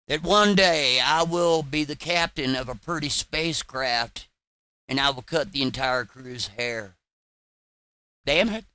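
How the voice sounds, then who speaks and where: A man's voice: medium pitch, pushed and bright, clean tone, no room sound. A man mockingly voicing a boastful male hairstylist who dreams of captaining a spaceship.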